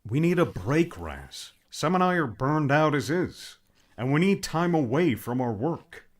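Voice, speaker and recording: A man's voice: lowish voice, sing-song, normal speed, voice pushed up. A man voicing a patient, fussy friend who explains things and mildly scolds. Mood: scolding.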